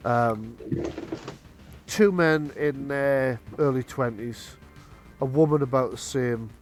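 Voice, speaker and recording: Man game master, hesitant narration, mid pitch, faint music behind. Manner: hesitant, many ums and restarts.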